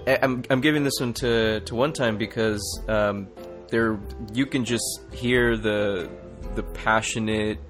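A man's voice: on the low side, steady tone, unhurried, few pauses, a bit bright, soft background music. A man judging stories in a casual chat, hesitating and weighing his words. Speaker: panel judge.

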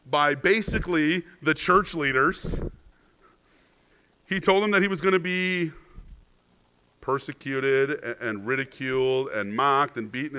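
A male pastor delivers a sermon in a chatty, conversational way, checking in with the congregation with "right?" and doubling words to stress a point. His voice is bright and forceful and sits a little high for a man. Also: clear, resonant tone.

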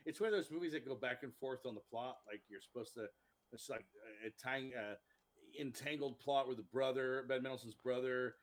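A man co-hosting a casual movie podcast, animated and acting out scenes in mocking quotes. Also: medium pitch, fairly quick. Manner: animated, acts out lines in loud mocking quotes. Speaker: podcast co-host. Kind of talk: casual movie review chat.

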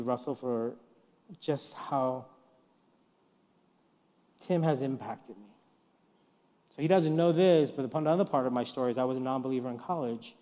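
A middle-aged man preaching a guest sermon in a church, telling stories and acting out the voices he quotes, swinging from soft to loud. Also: mid-range voice. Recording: long reverb of a church hall.

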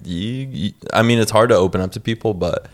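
A man's voice: fairly low pitch, brisk. A man in his twenties in casual podcast chat, laid-back, swearing casually and laughing often.

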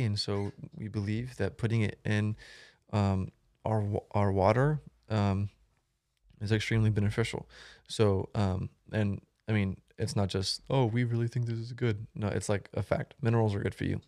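Young man, low voice, casual podcast guest, rambling, dry recording. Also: flat delivery, moderate pace, a little mellow, no echo. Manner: rambling, many ums and restarts. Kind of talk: casual conversation.

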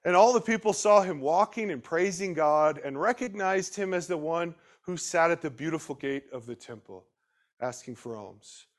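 A man preaching a sermon in a fairly high voice. He surges into loud, emphatic bursts, then drops into quiet, slowed asides. He keeps turning to his listeners with direct questions. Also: animated.

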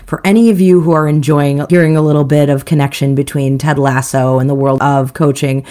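A woman's voice: low-pitched, fairly even intonation, a little fast, mellow. A woman hosting a podcast in upbeat, giggly casual chat. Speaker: podcast co-host.

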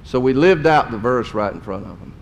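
A man's voice: medium pitch, lively intonation, fairly quick, slight background noise. A middle-aged man, a pastor telling a story in a sermon in a folksy, emotional way. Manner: folksy, emotional storytelling with drawled Southern phrases.

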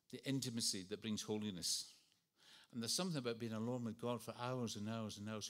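A man's voice: mid-range voice, a bit bright. A Scottish man in his sixties preaching a sermon, earnest and storytelling with self-deprecating humour. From Scotland. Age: 60s.

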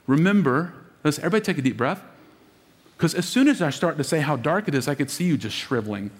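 A man preaching as lead pastor, dramatic, dropping to a hush for emphasis and acting out quoted voices. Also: on the high side, animated, fast. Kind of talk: sermon. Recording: long reverb of a large hall.

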